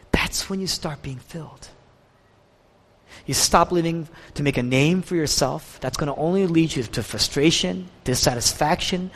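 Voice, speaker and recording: Passionate preacher man in a reverberant church. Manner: passionate preaching with wide swings of pitch and volume. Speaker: pastor. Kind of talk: sermon. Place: church sanctuary. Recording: church hall with long reverb.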